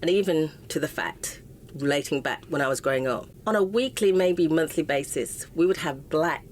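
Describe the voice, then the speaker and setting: A woman's voice: sits low, normal speed, a little mellow, slight background noise. A middle-aged English woman, an interview guest, telling a painful personal story with raw emotion and frequent broken-off sentences. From England. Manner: raw and impassioned, often breaking off mid-sentence.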